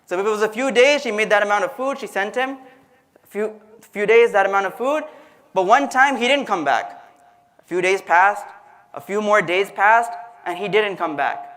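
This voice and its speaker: Speaking at normal speed in a high-pitched, fairly bright voice, a man delivers a religious lecture built around stories. He keeps it conversational, addressing listeners directly and performing the quotes.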